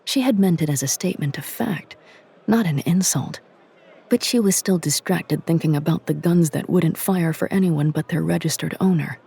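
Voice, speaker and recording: A narrator reading an audiobook drama in a measured, dramatic way. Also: medium pitch, creaky, mellow, slightly rough. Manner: measured, dramatic, drops to a whisper at tense moments.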